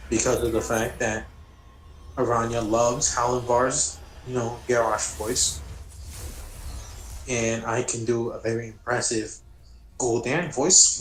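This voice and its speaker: Rambling man on a stream, echoey room. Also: mid-range voice. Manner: rambling, many fillers. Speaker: stream co-host. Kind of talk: casual chat on a gaming stream.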